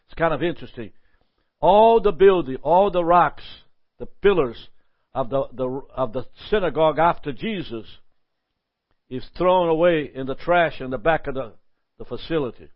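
A man teaching a Bible lesson in a lively sermon style, often asking "Amen?" and chuckling. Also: mid-range voice, normal speed, dry recording, highs cut off.

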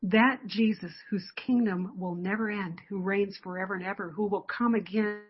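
A woman giving a sermon in an earnest, reflective way, pausing often and laughing softly now and then. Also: mid-range voice, steady tone, slightly rough, lo-fi sound. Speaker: preacher.

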